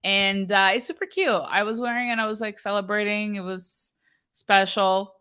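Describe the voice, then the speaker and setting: A woman's voice: mid-range voice, normal speed, bright, forceful tone, smooth. A woman from Italy with an Italian accent, cohosting a podcast in a bubbly, gushing chat. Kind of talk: casual chat.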